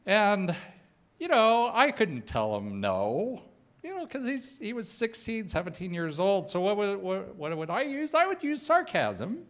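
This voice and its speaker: A man's voice: high-pitched, very animated, unhurried. A middle-aged man giving a personal, conversational sermon, mixing heartfelt reflection with humorous stories from fatherhood. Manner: conversational storytelling with humorous asides. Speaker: spiritual speaker.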